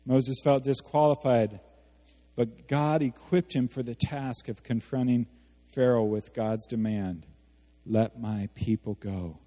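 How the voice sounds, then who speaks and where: A man preaching a sermon as a pastor, animated, asking his congregation questions and acting out the quotes he reads. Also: medium pitch, slow. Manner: animated, asks the audience questions, acts out quotes. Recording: hall reverb.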